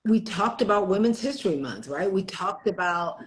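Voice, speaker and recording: A woman's voice: medium pitch, lively intonation, moderate pace, rough recording. Chatty woman on a video call. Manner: chatty, laughing, many fillers and restarts. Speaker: executive director and co-host. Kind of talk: casual live-stream chat.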